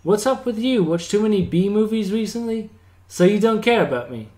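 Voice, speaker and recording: A man's voice: animated, a little fast, dark tone. A man putting on a teasing, mischievous teen girl. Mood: indignant. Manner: teasing, bouncy girlish voice pitched up high. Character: playful, mischievous teenage girl. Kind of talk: reading a visual novel aloud.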